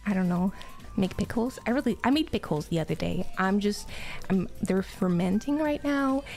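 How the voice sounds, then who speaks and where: A woman's voice: medium pitch, darkish tone. A woman with a Quebec French accent, a native French speaker, chatting casually on a livestream, greeting and thanking viewers between stories.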